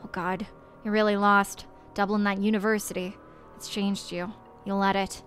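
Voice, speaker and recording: A woman's voice: mid-range voice, level tone, normal speed, fairly bright tone, faint music behind, close to an everyday voice. A woman reading as a nagging middle-aged mother. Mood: disapproving. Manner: plain reading, no accent attempted.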